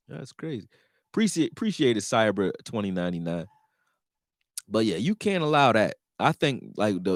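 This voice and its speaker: A man talking casually on a sports live stream, profane and animated, answering his chat. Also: fairly high pitch, no room sound, clean studio sound.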